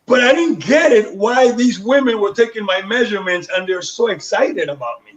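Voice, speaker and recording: Telling his life story in an interview, this guest from Panama, a man in his sixties, performs the voices of the characters in it. His high voice is expressive and moves at a moderate pace. The audio sounds dull and lo-fi.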